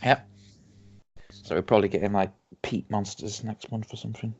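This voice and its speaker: A man co-hosting a podcast, reading out tasting notes in a relaxed, casual chat. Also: fairly low pitch, moderate pace, dull audio, a little hiss or hum. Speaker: podcast co-host.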